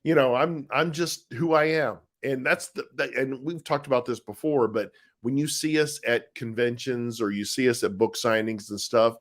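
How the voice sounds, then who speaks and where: A man's voice: medium pitch, steady tone, moderate pace, hardly any pauses. A middle-aged man co-hosting a casual live stream, chatting in a rambling, easygoing way as he answers viewer comments. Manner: easygoing, rambling, with frequent restarts and laughs. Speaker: co-host of a live chat show, husband of the author.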